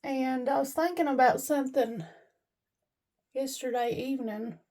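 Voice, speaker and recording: A woman talks to her viewers in a relaxed vlog. Her voice sits high and her pace is slow and unhurried. She gives a homespun, faith-based pep talk. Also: a little hiss or hum. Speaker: vlogger. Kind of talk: casual encouraging vlog talk.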